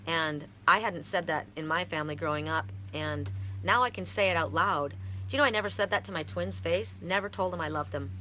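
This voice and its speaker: A middle-aged woman from Canada giving a heartfelt, halting oracle card reading on a live stream. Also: lowish voice, sharp tone, a little hiss or hum.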